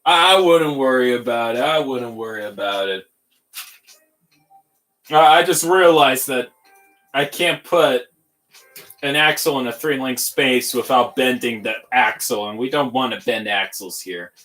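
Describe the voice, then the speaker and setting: A man hosting a casual livestream tutorial, talking in an excitable, giddy, rambling way. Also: medium pitch, unhurried, faint music behind. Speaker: livestream host building toys.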